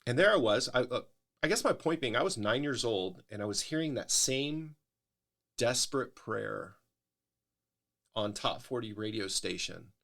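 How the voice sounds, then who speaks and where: A man's voice: medium pitch, animated, a little slow, creaky, a bit bright. A middle-aged male pastor in a casual podcast conversation, explaining at length in a thoughtful way, often restarting his sentences.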